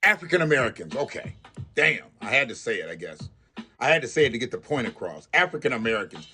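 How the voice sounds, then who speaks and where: A man's voice: medium pitch, sing-song, fast, bright, forceful tone, soft background music. A man hosting a live-stream commentary show, ranting bluntly and profanely and talking straight to his viewers. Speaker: livestream host.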